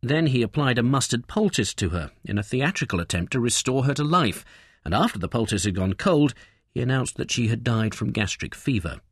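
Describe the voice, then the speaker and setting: A man's voice: a little fast, husky, no echo, clean studio sound. A man giving a scripted true-crime narration in a dramatic storytelling manner. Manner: dramatic storytelling with lively pitch swings.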